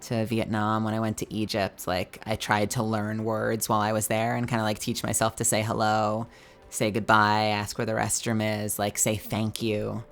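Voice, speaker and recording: A woman's voice: very deep voice, monotone, normal speed. A woman streamer telling a story in casual chat, filling her talk with "like" and the odd swear word. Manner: chatty, with frequent "like" fillers and swearing.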